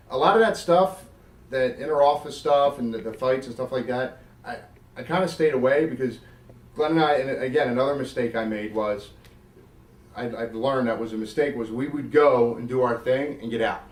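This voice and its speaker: A man's voice: medium pitch, fairly quick. Middle-aged guy from south jersey telling stories, swears a lot, sounds a bit distant and roomy. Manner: animated, swears freely, acts out quotes. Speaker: guest, former wrestler. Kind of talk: storytelling interview.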